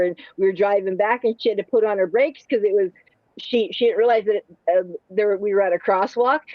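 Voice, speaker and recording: A woman's voice: medium pitch, no echo. A woman hosting a live panel, telling crude comic stories in a rambling way, full of restarts. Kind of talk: rambling comedic storytelling. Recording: dry, slightly muffled stream audio.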